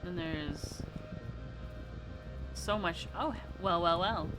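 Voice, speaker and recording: A woman streaming a story game, reading its text aloud and reacting with gasps and quick asides. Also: lowish voice, over music.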